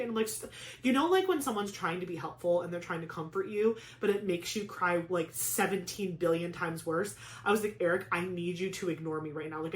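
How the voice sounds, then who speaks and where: A young woman chatting casually, telling a personal story with lots of "like" fillers and animated retelling. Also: medium pitch, reverberant. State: pregnant. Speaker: craft vlogger.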